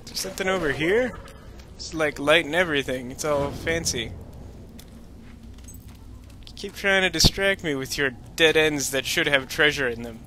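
A man's voice: on the high side, moderate pace, pauses often, pushed and bright, slight background noise. A man giving rambling, jokey commentary while playing a video game, full of sarcastic asides. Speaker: let's-play commentator. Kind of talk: casual gameplay commentary.

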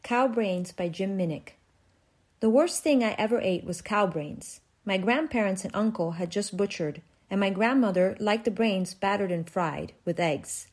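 A woman reading a short story aloud in an even, measured way, with small restarts. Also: medium pitch. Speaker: reader.

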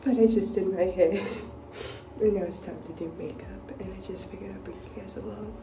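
A woman's voice: mid-range voice, steady tone, a little fast, gravelly. A young woman talking casually to the camera as a travel vlogger, gushing and chatty with lots of "like". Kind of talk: casual vlog chat to camera. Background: music.

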